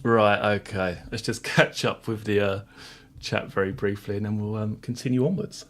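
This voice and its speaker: A man's voice: lowish voice, fairly even intonation, moderate pace, fairly bright tone. A man hosting a live stream, chatting to viewers and reading court transcripts in a plain voice, wry and sarcastic toward critics.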